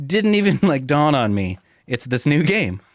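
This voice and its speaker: A man's voice: mid-range voice, very animated, measured pace, no echo. A man co-hosting a casual podcast, laid-back and laughing often as he tells stories about his past work. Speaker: podcast co-host. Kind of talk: casual chat.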